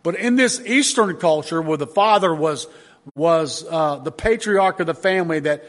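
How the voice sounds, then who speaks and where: High-voiced pastor preaching. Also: male voice, animated, moderate pace. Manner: earnest, emphatic preaching with repeated restarts. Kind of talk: sermon.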